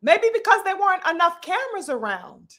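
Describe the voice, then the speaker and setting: A woman's voice: extremely high pitch, very animated, brisk, fairly bright tone. A woman hosting a live-stream boxing commentary, ranting emphatically with profanity and piling up rhetorical questions, addressing her audience like a preacher.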